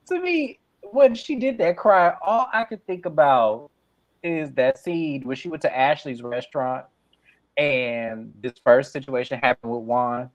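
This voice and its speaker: A man's voice: medium pitch, a little slow, dry recording. A man reviewing a reality show, ranting bluntly with heavy profanity in a casual recap. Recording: dull lo-fi sound.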